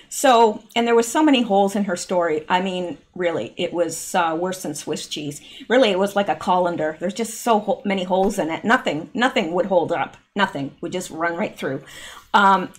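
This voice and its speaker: A woman at a middle pitch hosts her own commentary channel. She talks in a loose, chatty way, filling her thoughts with "um"s and "you know"s and stepping off into asides. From Canada. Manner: chatty, with many fillers and asides. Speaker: channel host. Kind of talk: casual monologue commentary.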